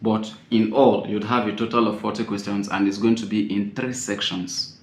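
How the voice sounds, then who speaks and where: A man's voice: lowish voice, little pitch movement, normal speed. Emphatic male teacher in an echoey room. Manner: emphatic, repeats key points, sudden loud stresses. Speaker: exam-prep teacher. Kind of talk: spoken tips lesson. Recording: roomy echo.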